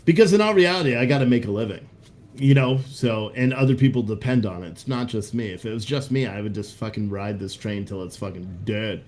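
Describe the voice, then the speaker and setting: A man's voice: lowish voice, a little fast, darkish tone. A man hosting a casual livestream, rambling bluntly with profanity and restarts while reading out chat comments. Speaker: livestream host.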